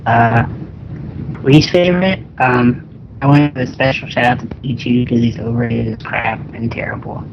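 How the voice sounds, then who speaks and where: A man's voice: medium pitch, little pitch movement, fairly quick, gravelly, muffled recording, noisy background. A young man co-hosting a podcast in casual chat, matter-of-fact in tone. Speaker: podcast co-host.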